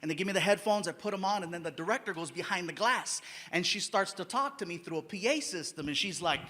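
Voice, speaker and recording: A man's voice: sits high, fast, crowd noise. A male stand-up comedian telling a story and acting out the people in it. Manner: animated, acts out characters. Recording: noisy live stage recording.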